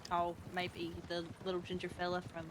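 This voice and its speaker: Speaker with offhand quips over loud noise. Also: medium pitch, completely flat delivery, moderate pace. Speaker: role-play game character. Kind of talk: in-character role-play chat.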